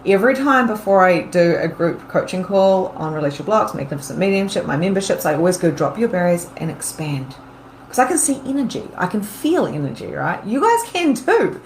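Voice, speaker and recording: Woman podcast host and coach, animated, roomy sound, faint hiss. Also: mid-range voice, fairly quick, few pauses. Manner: animated, acts out worried inner voices. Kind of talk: casual coaching monologue. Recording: roomy with faint background noise.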